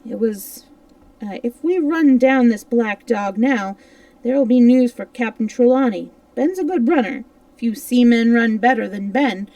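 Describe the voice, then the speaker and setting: A woman reading aloud and voicing a gruff one-legged male pirate cook who talks in loud, excitable bursts. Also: a little high, measured pace, no echo, far from the mic. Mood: excited.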